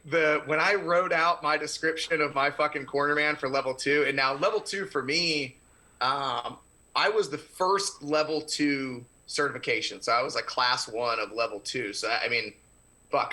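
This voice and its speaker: A man talking as a podcast guest in casual conversation, animated, laughing often and swearing casually. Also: medium pitch, normal speed.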